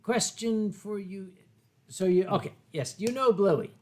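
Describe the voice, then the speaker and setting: An older man hosting a boozy chat show, telling rambling stories, swearing freely and stopping to cough and clear his throat. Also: high voice, unhurried, dark tone. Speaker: host. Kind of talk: boozy late-night chat show banter.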